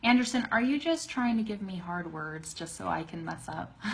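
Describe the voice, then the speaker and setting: A young woman teaching a live online English pronunciation lesson, chatty and laughing often, slowly modelling words on a webcam. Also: mid-range voice, animated, vocal fry, soft background music.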